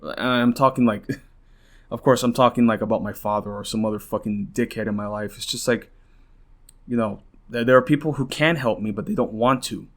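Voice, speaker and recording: A man's voice: medium pitch, moderate pace. A young man hosting a podcast, venting in a rambling, frustrated rant full of swearing and restarts, worn out and close to tears. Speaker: podcast host.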